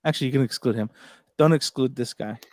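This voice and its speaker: A man's voice: medium pitch, quick pace, dry recording. An American man hosting a casual tech livestream chat, joking around and swearing freely. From United States. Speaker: host.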